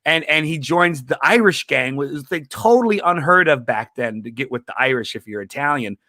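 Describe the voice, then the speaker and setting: A man telling a story as a comedian guest, animated, laughing often and acting out the people he quotes. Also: a little high, a little fast, no room sound, clean studio sound. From Chicago. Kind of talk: casual storytelling in an interview.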